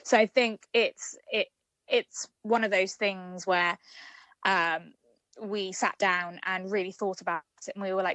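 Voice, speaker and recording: A woman speaking for a supporters' group in a podcast interview, earnest and measured, with many ums and restarts. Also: mid-range voice, fairly even intonation, fairly bright tone, dry recording. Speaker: supporters' trust representative. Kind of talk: casual interview chat.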